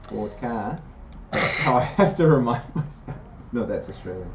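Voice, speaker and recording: A man's voice: mid-range voice, sing-song, brisk, lo-fi sound. Dry New man, brief replies. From New Zealand. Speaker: co-host. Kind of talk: casual live-stream chat.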